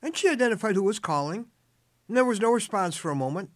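A man's voice: high voice, expressive, fast talker, dry recording, studio quality. An older man hosting a short radio devotional, telling a family story with earnest, tender emphasis.

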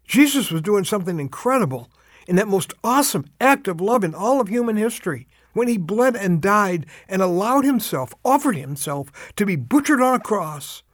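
An older man giving a short, earnest radio devotional, slowing to drive home urgent appeals. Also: high voice, big pitch swings, dry recording, clean studio sound.

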